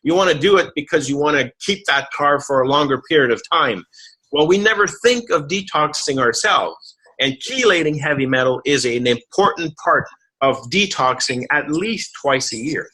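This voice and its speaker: Bright-voiced man pitching a health product. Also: animated, moderate pace, breathy edge, low-quality recording. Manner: earnest, explanatory, frequent word repeats. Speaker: product presenter. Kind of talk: promotional health talk.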